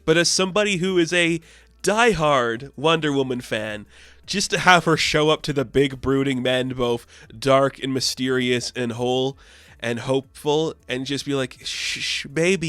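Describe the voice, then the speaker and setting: A man's voice: mid-range voice, moderate pace, a bit bright, dry recording. A man reviewing comics in a casual, rambling way, with many fillers and the odd swear word.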